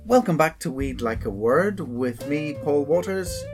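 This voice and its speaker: A man's voice: fairly high pitch, expressive, unhurried, music in the background. A man hosting a podcast, asking questions with a dry teasing manner. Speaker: podcast host. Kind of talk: casual chat.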